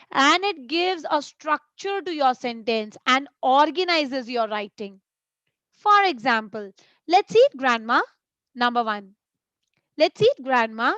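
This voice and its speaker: Young Indian-accented woman teacher, high bright voice, slow emphatic delivery, dry close sound. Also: no echo, lo-fi sound. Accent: Indian English. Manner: slow, emphatic, repeats key words with deliberate pauses. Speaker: online English teacher. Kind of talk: live online grammar class.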